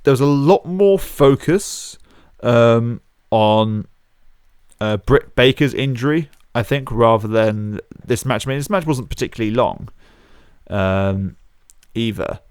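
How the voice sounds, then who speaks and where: Male co-host, smooth resonant voice, easygoing, dry recording. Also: mid-range voice, animated, takes it slowly, a little mellow, dry recording. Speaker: podcast co-host. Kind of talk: casual chat.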